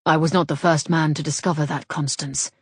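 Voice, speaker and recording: A teasing, roguish gentleman swordsman who drawls low and lazily with flirtatious ease, as a woman reads him in an audiobook. The voice sits deep and a touch husky, recorded close and dry. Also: steady tone, fairly quick, no echo. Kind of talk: audiobook character voice.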